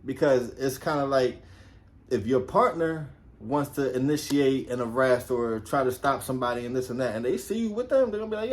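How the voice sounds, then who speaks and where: A man's voice: medium pitch, a little fast. A man who used to be a police officer, telling a story casually, swearing a lot and acting out the voices of people in it. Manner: profane and animated, acts out quoted voices.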